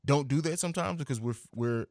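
A man's voice: medium pitch, fast, darkish tone, no echo, studio quality. A man hosting a podcast, talking in an earnest, reflective way and often repeating words as he thinks. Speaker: podcast host. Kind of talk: casual podcast conversation.

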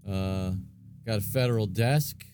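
A man's voice: on the low side, unhurried, darkish tone, soft background music. A man co-hosting a podcast, chatting casually and thinking aloud with plenty of fillers. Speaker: podcast co-host. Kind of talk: casual chat.

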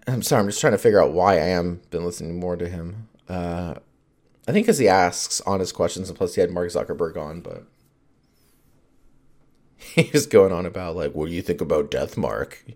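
A man's voice: deep voice, animated, moderate pace, long pauses, darkish tone. A man hosting his own podcast, rambling in casual chat, full of fillers and swearing and laughing often.

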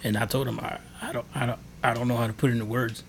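Speaking rapid-fire in a mid-range, creaky voice with a breathy edge and little pitch movement, this man tells his faith testimony as a podcast guest. He rambles earnestly and casually, using many fillers.

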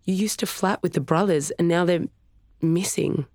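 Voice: medium pitch, normal speed, darkish tone, no room sound, natural voice. A wary young woman, read by a narrator speaks in short, clipped lines. The voice sits close and dry. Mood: tense. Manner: clipped, snapping. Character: tense young woman, a pro surfer.

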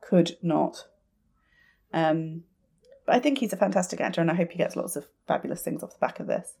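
A woman's voice: lowish voice, fairly quick, vocal fry, warm tone, breathy edge. A woman co-hosting a podcast, talking casually and rambling with lots of restarts. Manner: chatty and rambling, with many restarts and fillers. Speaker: podcast co-host. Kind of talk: casual fan podcast chat.

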